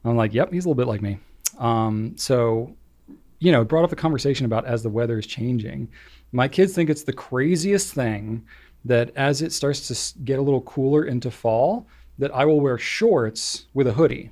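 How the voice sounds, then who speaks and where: A man's voice: medium pitch, moderate pace, a little mellow. A middle-aged man co-hosting a podcast, chatting casually and rambling with lots of fillers. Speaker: podcast co-host. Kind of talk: casual chat.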